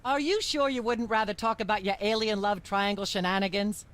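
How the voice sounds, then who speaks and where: A woman voicing a condescending talk show host in a video game, with sharp, acerbic remarks. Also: mid-range voice, steady tone, brisk, close to an everyday voice. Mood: haughty.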